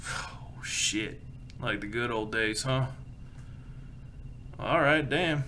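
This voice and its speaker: A man voicing a rough, friendly young cowhand who swears freely and talks shop. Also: medium pitch, takes it slowly, pushed and bright. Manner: crude, swearing, backslapping.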